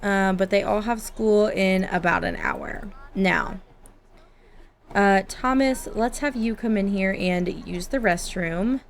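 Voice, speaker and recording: A woman's voice: mid-range voice, sing-song, takes it slowly, a little hiss or hum. A woman doing casual, chatty gameplay commentary from her home office, giggling and talking to her game characters. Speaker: gaming YouTuber.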